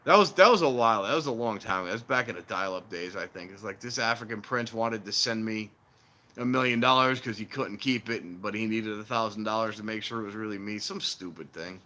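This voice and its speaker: A man hosting a casual trainspotting stream, rambling and animated, acting out the voices of people he quotes. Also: lowish voice, fairly quick. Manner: warns viewers against scams. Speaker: railfan livestream host. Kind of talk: casual chat while filming trains.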